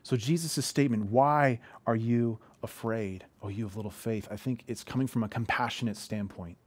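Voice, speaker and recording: A man's voice: on the low side, moderate pace, no echo. A man in his thirties preaching an earnest, conversational sermon from a living room, often restarting his sentences. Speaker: pastor.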